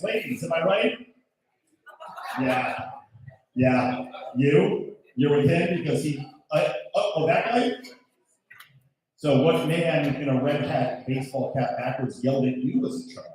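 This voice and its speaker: A man in his thirties doing loud, brash stand-up comedy, working the crowd and swearing freely. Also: a little high, lively intonation, unhurried, long pauses, recorded from a distance. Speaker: stand-up comedian hosting the show. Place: comedy show in a golf club venue. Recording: echoey room, mic heard from afar.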